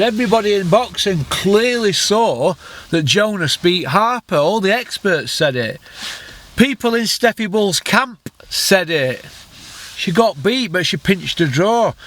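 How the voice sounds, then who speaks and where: Blunt man with a high voice. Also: fairly bright tone. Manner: blunt, rhetorical questions, mocking. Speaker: boxing vlog host. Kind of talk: opinionated solo commentary.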